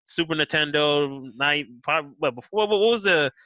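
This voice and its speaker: Host man, bright voice, slangy hesitant chat, dry close mic. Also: a little high, normal speed, no room sound, lo-fi sound. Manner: hesitant, filler-heavy, slangy. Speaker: podcast host. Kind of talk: casual podcast chat.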